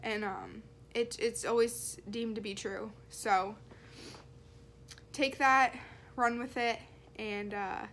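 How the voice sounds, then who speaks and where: A woman's voice: on the high side, fairly even intonation, slow, long pauses, a bit bright, a little hiss or hum. Earnest young woman vlogging, full of fillers. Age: young adult. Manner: earnest, rambling, many fillers. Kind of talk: casual faith vlog.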